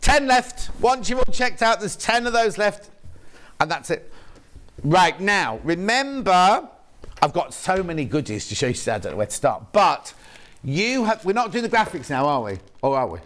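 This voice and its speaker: A man with a high voice, big pitch swings and a fairly bright tone presents on a live shopping channel from a TV studio. At a moderate pace he chats ramblingly to viewers, reads their messages, and corrects himself as he goes.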